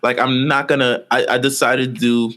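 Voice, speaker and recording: A man's voice: mid-range voice, level tone, normal speed, a bit bright. A man co-hosting a casual wrestling podcast, rambling through a story with lots of quoted asides. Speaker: podcast co-host.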